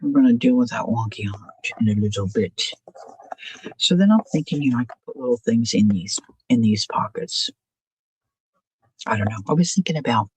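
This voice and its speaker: A woman's voice: extremely low pitch, expressive, normal speed, darkish tone, breathy edge, no room sound, poor audio. A woman leisurely works through a crafting project on a live stream, wondering aloud and checking in with her audience. Her voice has a faint huskiness and sits close and dry on the mic. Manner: chatty, muses aloud, asks viewers questions. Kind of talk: casual crafting demo, thinking aloud.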